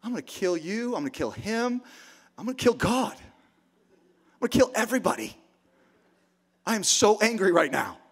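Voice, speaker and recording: A man's voice: high voice, very animated, moderate pace, pauses often, breathy edge, full character voice. A man playing an anxious, furious young engaged man, talking in an exasperated, dramatic way.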